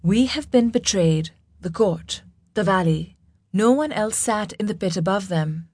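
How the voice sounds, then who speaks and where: A woman's voice: medium pitch, lively intonation, measured pace, darkish tone, dry recording, studio quality. A woman voicing a dazed, scared young royal daughter who calls out in fear. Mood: grim.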